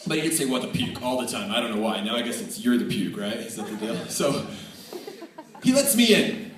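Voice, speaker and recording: A man giving a tribute speech at a banquet, telling energetic, animated stories that swing between excited and earnest. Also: medium pitch, a little fast, slight background noise. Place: large banquet hall. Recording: echoey hall, voice from far off.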